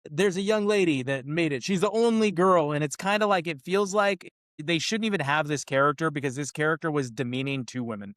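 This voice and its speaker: High-pitched male co-host, ranting and exasperated, dry close mic; casual podcast review. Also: fairly quick, a bit bright, no echo. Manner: ranting, exasperated, quotes lines in mocking voices. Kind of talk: casual movie review chat.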